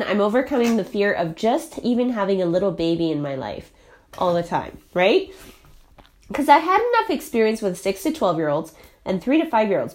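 A young adult woman talking casually about her own life, chatty and full of fillers, often checking in with "right?". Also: mid-range voice. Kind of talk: casual personal monologue.

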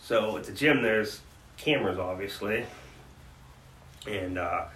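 Speaking at a measured pace with a fairly low, slightly bright voice, a man co-hosting a podcast shares painful personal memories earnestly, restarting frequently. A distant mic gives a roomy sound with faint noise behind him.

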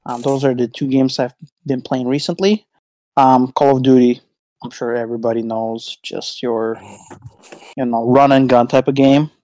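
A man co-hosting a casual gaming podcast, relaxed and easygoing. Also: medium pitch, moderate pace, no echo. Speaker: podcast co-host.

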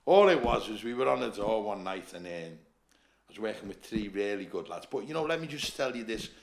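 A man's voice: lowish voice, sing-song, brisk, vocal fry, echoey room. A man with a Liverpool accent, a former doorman, telling stories in casual chat, swearing and laughing as he goes. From Liverpool, England. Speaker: podcast guest, former doorman.

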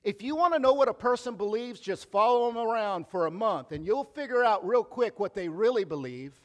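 A man preaching a sermon as pastor, reading scripture quietly and then driving his points home loudly. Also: high-pitched, lively intonation, a little fast, long reverb tail. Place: church sanctuary.

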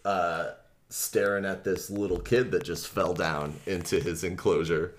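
A man casually recapping a book for a comedy podcast, animated, acting out the characters' lines and laughing often. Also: sits low, unhurried. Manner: animated retelling, acts out quotes, laughs often, many fillers.

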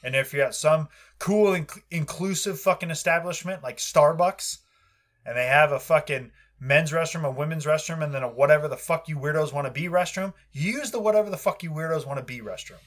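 A man's voice: fairly high pitch, fairly quick, a bit bright. A young man on a podcast giving an angry, profanity-heavy rant with aggressive, heated delivery. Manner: heated, aggressive, swears constantly.

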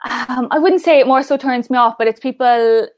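A young Irish woman chatting as an interview guest, quick and upbeat, fillers sprinkled throughout. Her voice sits a little high and the sound is dry and close. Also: no room sound. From Ireland. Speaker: interview guest, pageant finalist. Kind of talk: casual interview chat.

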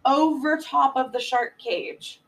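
A woman with a high voice rambles through a movie's plot in loose, profane podcast chat. She sits a little far from the microphone, so her voice sounds slightly distant. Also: takes it slowly, a bit bright. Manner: rambling, swears freely, acts out quotes. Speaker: podcast co-host. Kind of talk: casual chat recapping a movie.

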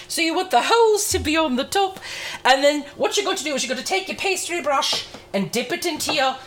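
A woman's voice: high-pitched, animated, brisk, fairly bright tone. A woman playing a cheerful, motherly Mrs. Claus who hosts a cooking segment, chatty and rambling with cheeky asides. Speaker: show host in character.

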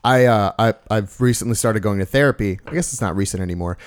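A man's voice: on the low side, quick pace, clear, resonant tone. A man hosting a podcast, chatting casually and easygoing, hesitating with fillers as he asks questions. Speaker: podcast host. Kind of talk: casual interview chat.

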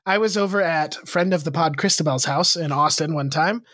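A man's voice: a little high, fairly quick, no echo, clean studio sound. Teasing young man, raised voice. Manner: wry, teasing, breaks into animated rants. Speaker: podcast co-host. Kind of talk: casual chat.

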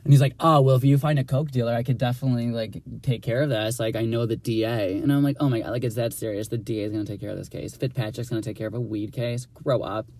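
A man's voice: medium pitch, fairly even intonation, quick pace, few pauses, darkish tone, dry recording. Young man, sassy storyteller, filler-heavy, dry close sound. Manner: chatty, profane, filler-heavy with constant "like"; dramatic, sassy retelling. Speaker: vlogger telling a personal story. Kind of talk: casual storytime monologue.

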